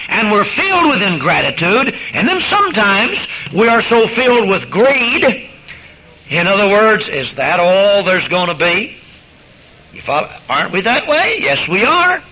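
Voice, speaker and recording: Guy preaching a sermon, really high voice, emphatic, talks right to his listeners, muffled radio sound with hiss. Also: pushed and bright. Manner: emphatic, addresses listeners as beloved.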